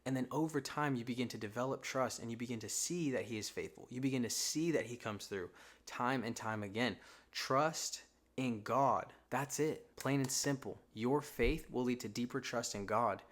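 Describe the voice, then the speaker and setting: A man's voice: mid-range voice, moderate pace. Casual young man preaching conversationally. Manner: casual, conversational, acts out quoted thoughts. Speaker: Christian content creator. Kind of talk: faith-talk monologue.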